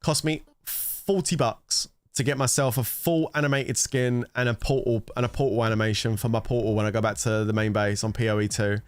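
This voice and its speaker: A man's voice: medium pitch, fairly even intonation, a little fast, few pauses, clear, resonant tone, no room sound. A man giving heated, profanity-laced commentary, exasperated and ranting about a mobile game. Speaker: gaming content creator.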